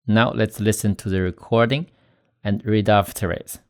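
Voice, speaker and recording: A man teaching Chinese pronunciation in a scripted lesson, slowly demonstrating tones with stressed example words. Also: lowish voice, steady tone. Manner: slow, deliberate, demonstrating tones with stressed syllables.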